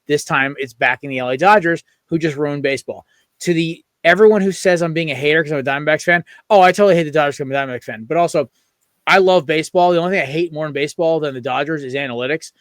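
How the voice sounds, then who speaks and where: A man's voice: fairly high pitch, fast, no room sound. Heated, opinionated young man, dry sound. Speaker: podcast co-host. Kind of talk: casual sports podcast chat.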